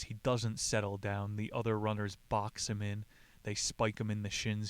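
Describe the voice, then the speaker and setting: A man's voice: on the low side, smooth. A young man hosting a podcast, casually retelling a book with jokes, swearing and side comments. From Southern California. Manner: loose and jokey, swears and makes asides. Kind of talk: casual storytelling recap.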